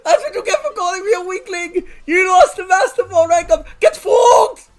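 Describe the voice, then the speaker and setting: A man putting on the voice of a rival player who shouts taunts at him, mocking and gleeful. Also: very high-pitched, expressive, moderate pace, voice pushed up. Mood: gloating. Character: gloating male rival player, taunting and jeering.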